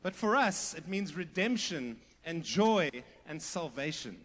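High-voiced pastor preaching. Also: male voice, sing-song, measured pace, slight background noise. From South Africa. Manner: earnest preaching with sudden drops to hushed emphasis; conversational, with asides and restarts. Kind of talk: sermon.

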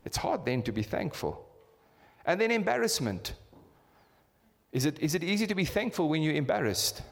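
South African pastor preaching in a reverberant church hall. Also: male voice, a little high, big pitch swings, moderate pace, vocal fry. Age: 50s. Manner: asks the congregation rhetorical questions, repetitive emphatic preaching. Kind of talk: sermon.

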